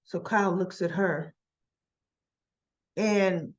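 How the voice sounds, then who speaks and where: A woman's voice: on the low side, steady tone, takes it slowly, lo-fi sound. A woman hosting a soap opera recap, telling the episode in a chatty storytelling way. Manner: chatty, storytelling with "and so she goes". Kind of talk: casual retelling of soap episode.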